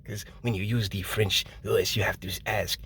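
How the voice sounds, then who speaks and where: A man putting on a low, breathy, half-whispered faux-French voice, smug and rambling. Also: very animated, measured pace, pushed and bright, heavily acted. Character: hushed pseudo-French crooner Jean-Claude, smug.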